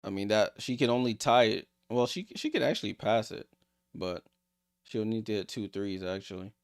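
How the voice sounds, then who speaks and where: Man, streamer, casual play-by-play, excitable, joking, dry close sound. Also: fairly low pitch, normal speed, smooth, dry recording. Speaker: streamer hosting a game watchalong. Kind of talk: casual live play-by-play commentary.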